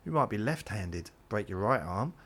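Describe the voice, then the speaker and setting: A man with a very low voice wanders through a sleepy podcast monologue. He keeps breaking off and circling back as he talks. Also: big pitch swings, moderate pace, fairly bright tone, husky. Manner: meandering, self-interrupting, drifting between points. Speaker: podcast host.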